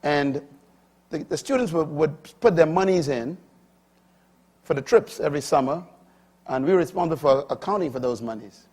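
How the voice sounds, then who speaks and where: A middle-aged man preaching a sermon, swinging between hushed asides and loud, emphatic climbs that break into shouts on key points. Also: fairly high pitch, animated, normal speed, pauses often, breathy edge.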